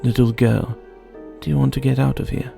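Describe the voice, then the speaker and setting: A man voicing a thin, hungry black cat in a fairy tale, calmly giving step-by-step instructions. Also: medium pitch, brisk, creaky, soft background music. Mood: advising.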